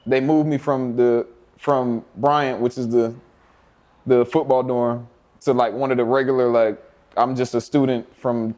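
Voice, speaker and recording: A young man from Alabama, telling animated, profane stories with laughter in a casual interview. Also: mid-range voice, a little slow. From Mobile, Alabama. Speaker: interview guest.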